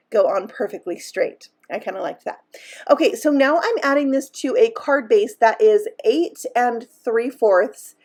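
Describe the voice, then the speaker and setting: A woman's voice: fairly high pitch, a little mellow. A woman hosting a card-making tutorial, talking chattily and upbeat as she explains each step while she works. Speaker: card-making channel host. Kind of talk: crafting tutorial voice-over.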